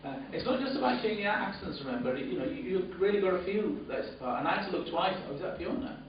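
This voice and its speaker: A man's voice: lively intonation, fast talker. Rambling man, distant and echoey. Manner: rambling, repeats words, many ums. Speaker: director presenting awards. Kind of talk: off-the-cuff award presentation. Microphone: camera mic from a distance. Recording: distant, boomy, dull camera audio with room noise.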